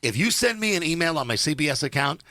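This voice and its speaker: A man hosting a radio talk show, ranting in a casual, animated way. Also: a little high, fast talker, no room sound.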